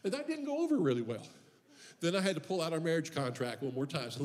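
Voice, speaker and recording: A male pastor preaches in church, and his voice sits somewhat high for a man. He tells humorous stories from his own life, then drives his refrains upward with mounting fervor. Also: big pitch swings, fast, a little mellow. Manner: impassioned preaching that builds in pitch and force on repeated refrains. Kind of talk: sermon.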